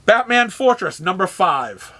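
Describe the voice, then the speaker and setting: Listing the comic shop's new releases for the week, this man adds dry, sarcastic comments and stumbles into restarts. His voice is high-pitched and sharp, with big swings in pitch.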